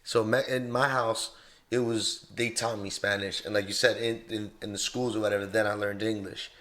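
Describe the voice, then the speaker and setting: A man's voice: on the low side, flat delivery, normal speed, sharp tone. Earnest man hosting a podcast. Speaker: podcast host. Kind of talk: casual podcast chat.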